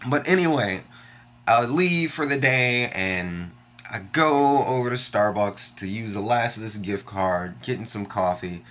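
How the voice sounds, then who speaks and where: In an angry personal vlog, a young Washington, D.C. man lets loose with blunt complaints and frequent curses. His voice runs on the low side with a fairly bright tone.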